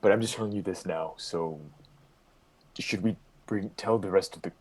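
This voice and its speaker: Guy with a low husky voice, roleplaying his character, halting and hushed. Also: low-quality recording. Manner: hesitant, trailing off, hushed. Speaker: player.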